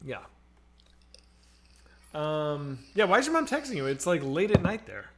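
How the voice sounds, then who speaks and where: A man's voice: a little high, big pitch swings, a little slow, background noise. A man co-hosting a livestreamed talk show, chatting casually and rambling with many fillers and restarts. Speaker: podcast co-host. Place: home streaming setup.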